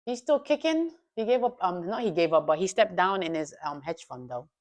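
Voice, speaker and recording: A woman live-streams her futures trading, speaking briskly and animatedly in a lowish voice. She thinks aloud, talks to herself, and drops slangy quips as she goes.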